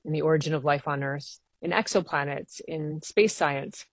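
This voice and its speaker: Woman scientist, interview guest, low voice, earnest and keen, dry studio sound. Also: moderate pace, no echo. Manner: earnest, enthusiastic, explains at length. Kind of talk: radio interview.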